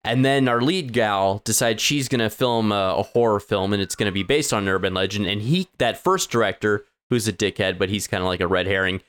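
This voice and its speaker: A man's voice: fairly low pitch, fairly quick, few pauses, a bit bright, smooth. A man co-hosting a podcast in casual chat, sarcastic and mocking. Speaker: podcast co-host.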